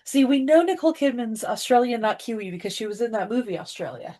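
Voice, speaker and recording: A woman co-hosting a podcast, ribbing the others in a deadpan way during a casual movie chat. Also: a little high, fast talker. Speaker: podcast co-host.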